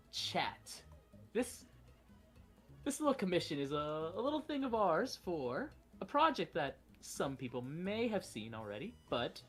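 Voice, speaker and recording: A man joining a live stream as a guest over a voice call, laughing often as he chats. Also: a little high. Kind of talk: casual live-stream chat. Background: faint background music.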